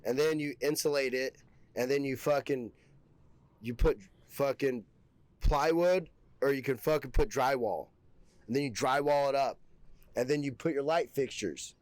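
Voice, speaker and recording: A man's voice: medium pitch, moderate pace, a little mellow, no room sound, rough recording. A young man, a podcast guest, telling stories in a casual, rambling way, full of swearing and filler words. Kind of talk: casual storytelling.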